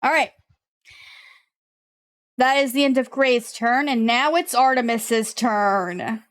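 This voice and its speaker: A woman's voice: a little high, slow pace. A young woman running a tabletop game, thinking aloud while she checks the rules. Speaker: game master.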